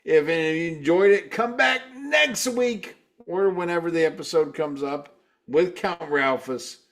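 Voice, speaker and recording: A man's voice: a little high, a little slow, a bit bright. A man co-hosting a casual podcast, rambling, stammering and laughing often. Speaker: podcast co-host.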